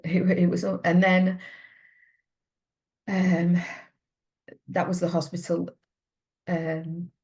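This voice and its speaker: Middle-aged mum telling her story, earnest and halting, gravelly dark voice. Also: fairly low pitch, level tone. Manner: earnest, halting, with many restarts. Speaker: mother of a patient, interview guest. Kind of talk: emotional personal account in an interview.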